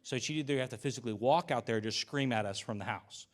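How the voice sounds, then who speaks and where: A man's voice: mid-range voice, fast talker. Easygoing man preaching a sermon. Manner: relaxed storytelling with fillers and asides. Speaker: pastor. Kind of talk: conversational sermon.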